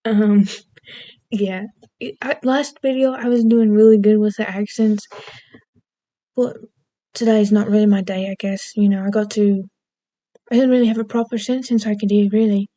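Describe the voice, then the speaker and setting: Young woman rambling goofily, mellow. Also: medium pitch, fairly even intonation, normal speed, pauses often, no echo, muffled recording. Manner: goofy, self-deprecating, meandering. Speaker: vlogger. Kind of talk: rambling casual chat.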